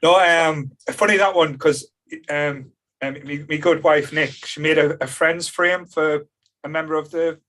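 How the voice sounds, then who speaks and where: Man, bright voice, podcast host, rambling casual chat. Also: fairly high pitch, steady tone, measured pace. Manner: rambling, many fillers and restarts, laughs easily.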